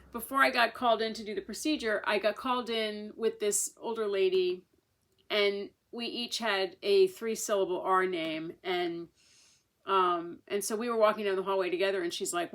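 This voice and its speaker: A woman in her thirties talks straight to her viewers in easy, conversational storytelling. She rambles and circles back, restarting her sentences and filling pauses as she goes. Her pitch sits in the middle of the range. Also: fairly bright tone. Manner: chatty, rambling with many restarts and fillers. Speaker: vlogger sharing a patient's experience. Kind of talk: casual storytelling to camera.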